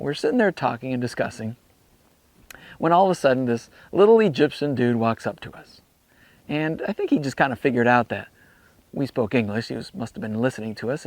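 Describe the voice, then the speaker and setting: A young man telling a story to a youth camp audience, animated and dropping to hushed whispers for awe. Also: fairly high pitch, no echo. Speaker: youth speaker. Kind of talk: storytelling talk.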